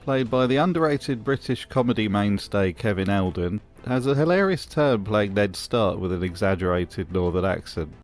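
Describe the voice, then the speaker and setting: A man's voice: lowish voice, moderate pace, hardly any pauses. Dry, mocking man narrating a video essay.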